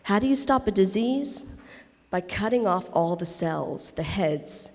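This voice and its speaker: A woman's voice: medium pitch, expressive, a little slow. A woman reading a monologue aloud, voicing a blunt, opinionated Israeli woman veteran who lectures with rhetorical questions. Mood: insistent. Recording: reverberant convention hall.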